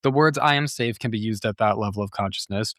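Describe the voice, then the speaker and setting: A man's voice: on the low side, fast, a bit bright, no room sound, studio quality. A man hosting a solo therapy podcast, talking in a thoughtful, reflective way with frequent fillers. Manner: thoughtful, with frequent fillers and acted self-talk.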